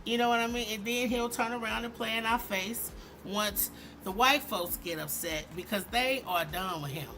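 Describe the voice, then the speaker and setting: A woman hosting a commentary vlog, talking in an animated, emphatic and sarcastic way. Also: on the high side, moderate pace, noisy background. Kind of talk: opinionated commentary.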